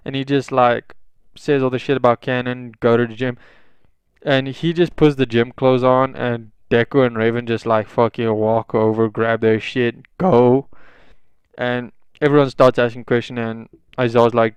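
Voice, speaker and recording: A man's voice: mid-range voice, level tone, normal speed, clear, resonant tone, dry recording. A young man casually improvising a fan fiction story, rambling with lots of swearing and fillers.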